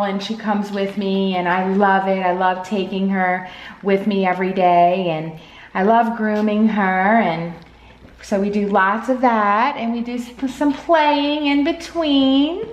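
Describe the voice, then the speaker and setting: A woman chatting casually at home as a pet vlogger, filling her talk with "you know.". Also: a little high. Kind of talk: casual chat. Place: home at night. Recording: echoey room.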